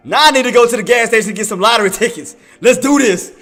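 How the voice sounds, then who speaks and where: A man's voice: very high voice, quick pace, few pauses, a bit bright, soft background music. A man streaming live trading commentary, playful and laughing often, repeating himself as he hypes the action. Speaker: day trader streamer.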